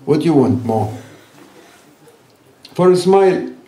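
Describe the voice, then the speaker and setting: Gentle sheikh preaching in a roomy hall. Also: male voice, a little high, big pitch swings, unhurried, recorded from a distance. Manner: gentle, teasing, reassuring, broken English. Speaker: sheikh giving a religious talk. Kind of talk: sermon to a gathering. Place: large hall at a gathering.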